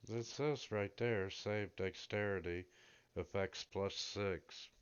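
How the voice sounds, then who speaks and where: A man running a tabletop game with a very low, smooth voice. He talks at a slow, unhurried pace. His mic sounds dull and lo-fi. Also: steady tone. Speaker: game master.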